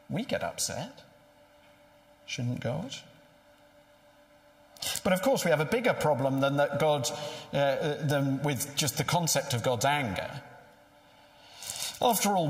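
A man's voice: a little high, animated, unhurried, long pauses. A man preaching a sermon in a conversational way, asking rhetorical questions. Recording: echoey hall with long reverb.

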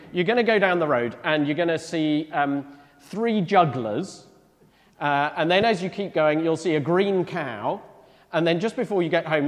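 A man preaching a sermon in a church, explaining scripture in a conversational way and often asking the congregation questions. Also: fairly high pitch. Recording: long reverb of a church hall.

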